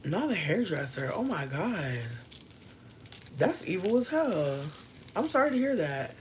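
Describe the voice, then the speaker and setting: A woman riffs through a loose, profane comedic chat as a podcast host. Her lowish voice leaps around wildly in pitch, and a faint hiss of background noise sits behind her. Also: big pitch swings, a little slow. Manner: loose, profane, riffing with big swings in pitch.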